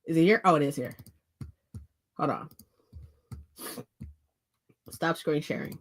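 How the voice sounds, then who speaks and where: A woman hosting a book vlog, chatting casually to her viewers at home, animated and profane, repeating phrases for emphasis. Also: sits low, takes it slowly, slight background noise. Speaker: book vlogger host. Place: indoors at home.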